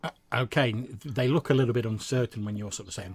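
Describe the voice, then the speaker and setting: A man narrating a tabletop role-playing game as game master, describing the scene in a measured way. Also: fairly low pitch, faint music behind.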